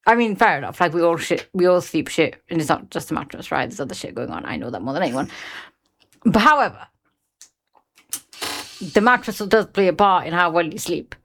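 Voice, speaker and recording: A woman's voice: fairly low pitch, expressive, brisk, slight background noise. A woman co-hosting a casual chat show. She talks bluntly and emphatically, swearing freely and hammering her point home. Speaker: podcast co-host.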